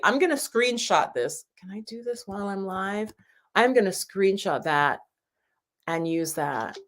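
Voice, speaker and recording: A woman from the United States chats casually through a live stream with her viewers. She rambles from one aside to the next, laughing often. Her voice sits at an ordinary middle pitch for a woman. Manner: chatty and warm, with frequent laughs and rambling asides. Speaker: YouTube channel host.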